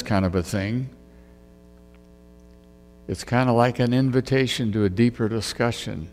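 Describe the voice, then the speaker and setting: A man's voice: on the low side, a little slow, long pauses, a little mellow, long reverb tail, faint music behind. A man preaching a conversational sermon, musing aloud as he retells a story.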